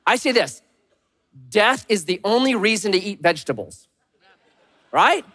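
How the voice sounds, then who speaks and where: A man in his thirties, a pastor giving a sermon, swinging between loud punchy lines and hushed slow emphasis. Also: sits high, big pitch swings. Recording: long reverb of a large hall.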